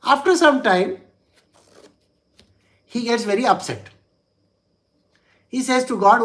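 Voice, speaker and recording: A man's voice: extremely high pitch, expressive, slow, long pauses, fairly bright tone. A man, a spiritual teacher telling a religious story in a chatty way, with frequent chuckles and "you know" asides.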